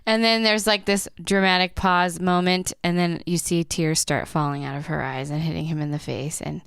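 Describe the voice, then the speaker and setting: A woman co-hosting a podcast, calmly explaining scenes of an anime episode in casual chat. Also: on the low side, moderate pace, vocal fry, smooth, no echo, studio quality. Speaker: podcast co-host.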